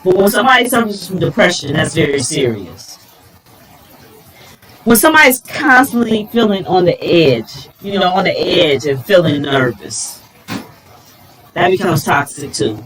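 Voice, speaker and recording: Animated middle-aged woman giving advice. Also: lowish voice, moderate pace, rough recording. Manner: animated, exclaiming, addresses viewers as y'all. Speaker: vlogger giving relationship advice. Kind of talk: casual advice talk to camera.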